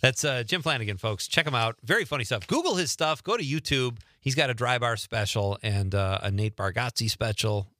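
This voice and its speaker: A man hosting a radio talk show, chatty and quick to laugh, on a studio mic. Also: medium pitch, animated, sharp tone, no room sound. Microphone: studio microphone.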